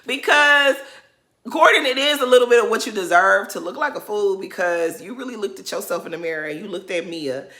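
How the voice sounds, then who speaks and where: A woman talking close to the mic in a bright, forceful voice. She rants bluntly and sassily, breaking into laughter as she goes. It is casual reaction commentary. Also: mid-range voice, brisk. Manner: blunt, sassy, laughs while ranting. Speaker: reality TV commentator.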